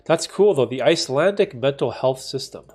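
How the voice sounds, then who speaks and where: A man's voice: medium pitch, expressive, moderate pace, darkish tone, slightly rough. Stuffy-nosed guy on a chill stream, talking to chat, lots of like and right, music faint behind. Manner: reads chat messages aloud and reacts, conversational with many fillers. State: congested, stuffy nose. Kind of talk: casual live-stream chat.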